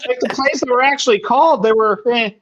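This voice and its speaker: A man's voice: very high-pitched, fast, a bit bright, highs cut off. A young man co-hosting a sports podcast, bluntly breaking down a football game in casual chat. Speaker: podcast co-host.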